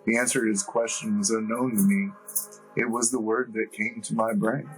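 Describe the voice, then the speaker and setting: A man reading a first-person story as an audiobook narrator, in a measured, deliberate way. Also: on the low side, level tone, faint music behind, low-quality recording.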